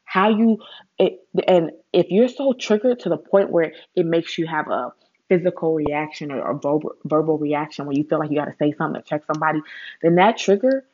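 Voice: medium pitch, brisk, a little mellow, lo-fi sound. A vlogger giving a blunt, rambling motivational talk, swearing for emphasis and mocking complainers in a whiny voice. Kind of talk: casual motivational monologue.

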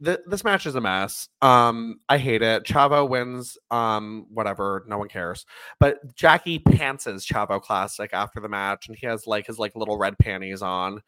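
Chatting casually about wrestling on a podcast he co-hosts, this man tells lively stories and performs the quotes himself. His voice is on the low side, smooth, and at a normal speed.

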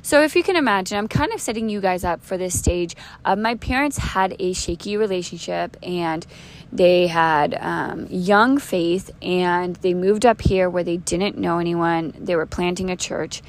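A woman in her thirties hosts a podcast and shares her own faith testimony, earnest and conversational, often restarting sentences and using fillers. She has a lowish voice and speaks at normal speed.

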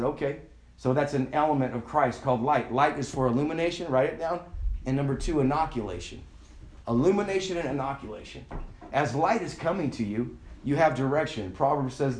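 A man's voice: mid-range voice, a little fast. A man preaching a sermon in a loose conversational way, often having the congregation repeat words back to him. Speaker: pastor. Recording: echoey room.

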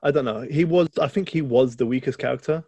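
A man's voice: medium pitch, fast, mellow, breathy edge, dry recording. A man co-hosting a podcast, chatting casually and enthusiastically about a film, rambling with restarts. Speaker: podcast co-host.

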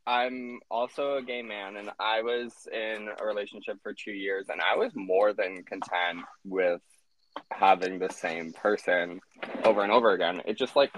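A young adult man co-hosting a podcast, animated and argumentative in casual chat. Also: lowish voice, normal speed, a little hiss or hum, poor audio. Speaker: podcast co-host.

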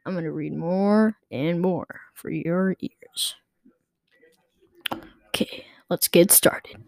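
A woman hosting a podcast, reading a comedic story aloud in a slow, deliberate way. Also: medium pitch, mellow, no room sound, clean studio sound. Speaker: podcast host and story reader.

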